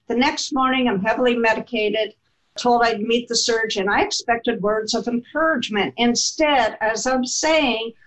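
A woman telling a personal story in an interview, animated and laughing as she goes. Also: on the high side, poor audio. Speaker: guest telling her life story.

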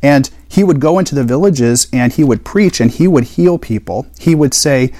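A man's voice: medium pitch, animated, moderate pace, mellow. Male Bible teacher, mid-range voice, casual explanatory delivery with rhetorical questions.

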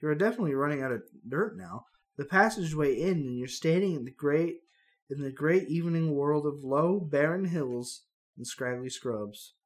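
A man's voice: a little high, moderate pace. A man reading a choose-your-own-adventure book aloud as game master, joking and stumbling over words. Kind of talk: comedic gamebook read-aloud.

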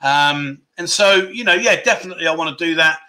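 A middle-aged man hosting a relaxed livestream chat, rambling and self-deprecating as he answers viewers. His voice is very bright and sharp and sits a little high for a man. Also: a little fast. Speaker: livestream chat show host. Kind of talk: casual livestream chat reading viewer comments.

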